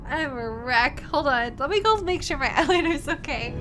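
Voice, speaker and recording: Tearful, gushing woman streamer, very high voice. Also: lively intonation, normal speed, hardly any pauses, over music. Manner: gushing, tearful, repeats thanks. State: crying. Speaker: live streamer. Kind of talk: emotional live-stream thanks to viewers.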